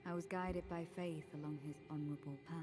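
Woman playing a solemn female warrior, low flat voice, formal, game audio with music behind. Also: brisk, lightly acted. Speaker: game character.

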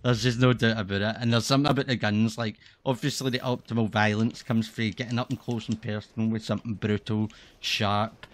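A man's voice: on the low side, level tone, brisk. A man streaming a zombie game, rambling and swearing with lots of laughs. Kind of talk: casual gaming commentary.

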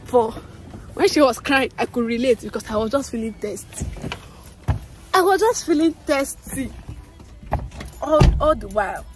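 A woman's voice: a little high, animated, normal speed, pauses often. A young woman with a Nigerian accent, chatting casually to camera in a vlog and slipping in Pidgin phrases. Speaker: vlogger.

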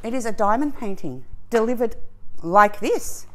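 An excitable, chatty woman hosting a casual home unboxing vlog, talking to her viewers at a camera set up a little away. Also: a little high, unhurried, low-quality recording. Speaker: craft channel host.

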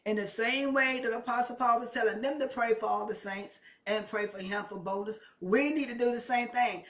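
A woman's voice: a little high, normal speed, fairly bright tone. A woman preaching a sermon with impassioned, repetitive emphasis that rises and presses her points. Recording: echoey room, mic at a distance.

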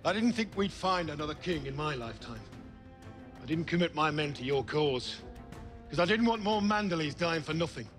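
A grieving older northern lord. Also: male voice, fairly high pitch, animated, moderate pace, fairly bright tone, soft background music. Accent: Northern English.

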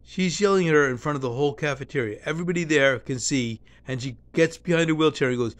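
A man's voice: fairly high pitch, quick pace, hardly any pauses. A man ranting casually to his phone camera, blunt and profane, losing his thread and picking it back up. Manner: blunt, profane, complaining, drifts off track. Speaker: vlogger in a nursing home.

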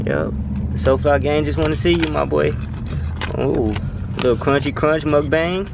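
Guy vlogging in his kitchen, chatty, kinda high voice, lively. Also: a little slow, vocal fry, heavy background noise. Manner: chatty and animated, talks straight to viewers. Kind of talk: casual home vlog. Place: home kitchen, indoors.

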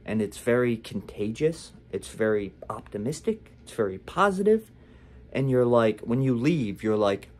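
A man's voice: mid-range voice, big pitch swings, moderate pace, darkish tone. A young man talking candidly to the camera in a casual vlog, rambling with lots of fillers and restarts. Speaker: vlogger.

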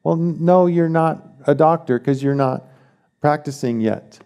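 A man's voice: a little high, measured pace, vocal fry, darkish tone. A man preaching a sermon as pastor, emphatic, repeating key phrases and asking the congregation questions.

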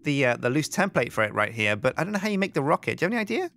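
Lively higher-pitched man narrating a game. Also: rapid-fire, dry recording. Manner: animated, rambling, thinking aloud. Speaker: host. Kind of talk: let's play banter.

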